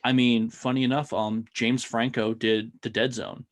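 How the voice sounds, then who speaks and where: A man hosting a casual interview, easygoing and relaxed in his remarks. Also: medium pitch, moderate pace. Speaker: podcast host.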